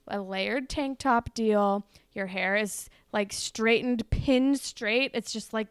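A woman's voice: medium pitch, smooth, no room sound. A young woman co-hosting a podcast, chatting casually and telling a breezy fan fiction story with giggles and lots of "like". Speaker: podcast co-host.

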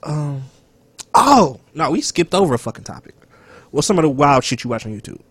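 A man co-hosting a casual podcast chat, loud and animated, profane, sometimes dropping to a whisper. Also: a little high, a little fast, slightly rough, no echo. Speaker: podcast co-host.

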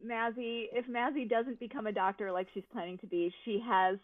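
A woman's voice: on the high side, brisk. Woman guest on a tinny phone line. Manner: animated, laughing storyteller. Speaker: podcast guest. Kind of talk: casual storytelling.

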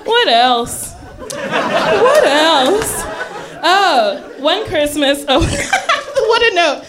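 A woman's voice: very high-pitched, big pitch swings, very slow, a loud crowd, very noisy. A woman telling a funny story on stage, often breaking into laughter as she talks. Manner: laughs often while talking. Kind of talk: comedic storytelling.

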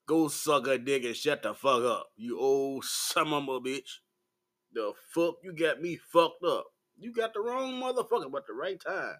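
A man in his forties with a Southern American accent, ranting bluntly and profanely to the camera in a slow, laid-back vlog. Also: medium pitch, a bit bright. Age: 40s. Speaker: vlogger.

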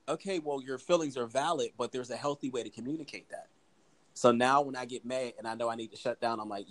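A man's voice: mid-range voice, quick pace, no echo, rough recording. A man co-hosting a casual conversation, speaking candidly and laughing easily.

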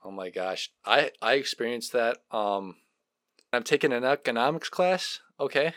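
A man's voice: medium pitch, expressive, normal speed, fairly bright tone, no echo. A young man co-hosting a podcast in casual chat, making wry, dry remarks. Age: young adult. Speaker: podcast co-host.

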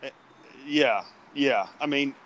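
A man who served as a Marine, telling stories in a laid-back, swearing, lively way in casual chat. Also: mid-range voice, slow pace, a loud crowd. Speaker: veteran podcast guest.

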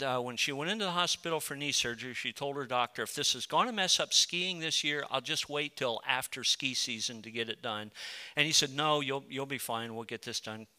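A male pastor giving a sermon, moving between impassioned pleading prayer and quiet storytelling. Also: a little high, long reverb tail.

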